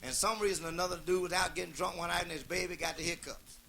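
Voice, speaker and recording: Bright, profane comic storyteller man. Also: high-pitched, quick pace, vocal fry, slight background noise. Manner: profane, folksy, laid-back delivery. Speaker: comedian.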